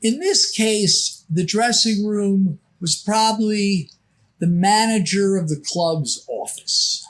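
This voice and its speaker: A man's voice: high voice, slow. An older man telling a rambling anecdote on a podcast, full of false starts. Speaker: podcast guest. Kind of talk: casual anecdote.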